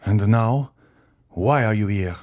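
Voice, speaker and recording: A man voicing a frantic, grief-stricken older magistrate who cries out in high, strained bursts. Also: slow, darkish tone. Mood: accusing.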